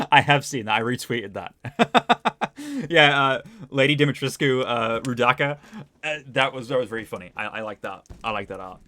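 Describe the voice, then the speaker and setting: Northern english man, game commentary, chatty, bright tone. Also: medium pitch, lively intonation, moderate pace, no room sound. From north of England. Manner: chatty, laughs often, self-deprecating. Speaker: streamer.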